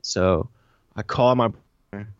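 A man in an interview recounting a personal story, animated and profane, with lots of "you know" and "I'm like". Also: lowish voice, unhurried, clean tone, dry recording, lo-fi sound. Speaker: interview guest.

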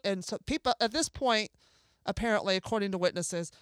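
A woman being interviewed as a guest, telling an emotional story in an animated way and acting out what people said. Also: medium pitch, a little fast, dry recording. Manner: animated, acts out dialogue, swears freely. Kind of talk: emotional first-person storytelling.

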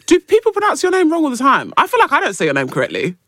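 A young woman co-hosting a podcast, talking in an animated, expressive way in casual chat. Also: high-pitched, very fast, no echo, studio quality. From Caribbean heritage. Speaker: podcast co-host.

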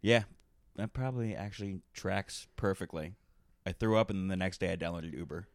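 A man's voice: deep voice, fairly quick, dry recording. A man telling laid-back stories in casual podcast banter.

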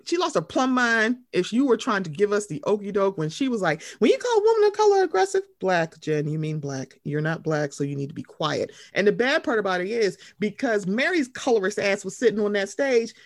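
A woman co-hosting a podcast, chatting emphatically and swearing freely, jumping up in pitch when she quotes people. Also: a little fast, few pauses, no echo, studio quality. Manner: animated, emphatic, profane, swoops up when quoting. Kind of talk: casual chat.

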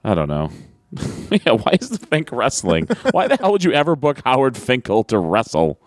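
A man's voice: medium pitch, very animated, normal speed, no echo. A man co-hosting a wrestling podcast, joking, laughing often, sounding tired and sore. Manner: laughs often, jokey and dry. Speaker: podcast co-host and pro wrestler. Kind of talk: casual podcast chat.

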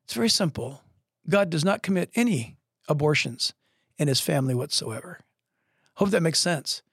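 Gravelly-voiced pastor man, animated sermon. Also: a little high, normal speed, no room sound, clean studio sound. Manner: animated, acts out voices in stories. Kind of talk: sermon storytelling. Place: podcast studio.

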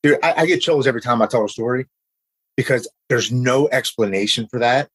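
A man, telling his recovery story in an earnest, halting way with many restarts. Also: medium pitch, fairly bright tone, slightly rough, no room sound, rough recording. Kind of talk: casual conversation.

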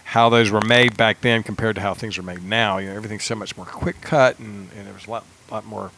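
Low-voiced halting man chatting about films. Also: a little hiss or hum. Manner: relaxed, halting, many ums and restarts. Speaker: podcast co-host. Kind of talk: casual chat about films and shows.

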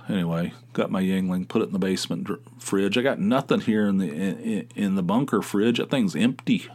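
A man's voice: low voice, normal speed, darkish tone, husky. A middle-aged man hosting a podcast, talking in a rambling, profane casual monologue with many restarts. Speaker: podcast host.

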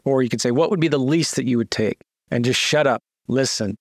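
Fast and medium-pitched, a man talks through a real estate sales script in a casual screen-share session. Between plain explanation with fillers and restarts, he acts out seller calls with a lifted, eager voice. The audio is studio quality, with no echo.

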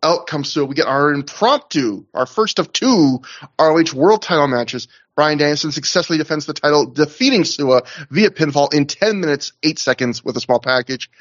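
A man's voice: on the high side, animated, moderate pace, lo-fi sound. A man co-hosting a casual podcast, rambling through a wrestling show review with lots of fillers and restarts. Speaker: podcast co-host.

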